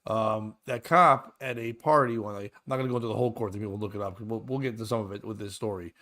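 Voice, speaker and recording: A man's voice: on the low side, quick pace, fairly bright tone. A man in his thirties hosting a podcast, chatting loosely and joking, swearing and laughing often. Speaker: podcast host. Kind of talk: casual comedy chat.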